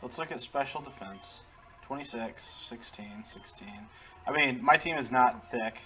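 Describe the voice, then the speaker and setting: A man's voice: mid-range voice, unhurried, music in the background. Chatty man talking over gameplay. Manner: chatty, laughs often, talks to the game. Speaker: gaming channel host. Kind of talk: casual let's-play commentary.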